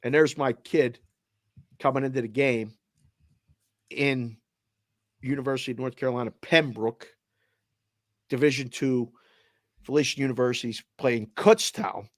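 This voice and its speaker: A man's voice: mid-range voice, measured pace, long pauses, dry recording, studio quality. A middle-aged man with a Boston accent, a sports betting show host, animatedly telling a heartfelt family story with quoted voices. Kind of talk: casual storytelling.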